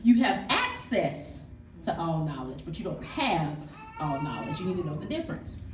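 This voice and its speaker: A low-pitched, very animated woman speaks at a moderate pace with background noise around her. As an author addressing a live book-event audience, she tells a candid, funny story, testifying and drawing responses. The distant mic catches the hall's echo.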